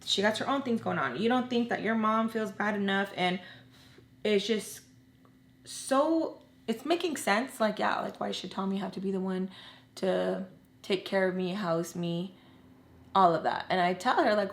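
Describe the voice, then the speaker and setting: A woman's voice: mid-range voice, normal speed, vocal fry, a bit bright. A woman in her twenties telling a personal story at home in a heated, venting way, full of "like" fillers. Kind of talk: casual storytime vlog. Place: at home with children nearby.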